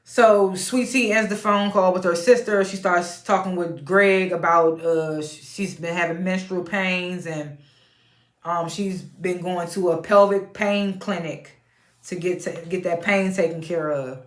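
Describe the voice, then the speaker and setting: A woman's voice: fairly low pitch, steady tone, measured pace, roomy sound. A woman casually recapping a reality show episode, chatty, laughing often and retelling scenes in quoted voices.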